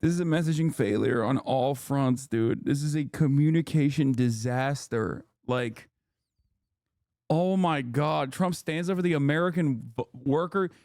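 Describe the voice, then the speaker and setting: A man's voice: mid-range voice, unhurried, darkish tone, no room sound, clean studio sound. A man streaming from his living room, giving profane, exasperated political commentary. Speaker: Twitch streamer.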